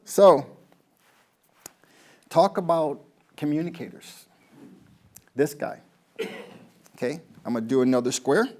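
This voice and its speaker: Rambling golf pro telling stories. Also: male voice, fairly high pitch, lively intonation, takes it slowly, long pauses, darkish tone. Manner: rambling, anecdotal, addresses the audience with questions. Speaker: golf pro and motivational speaker. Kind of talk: live motivational talk. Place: in front of a live audience.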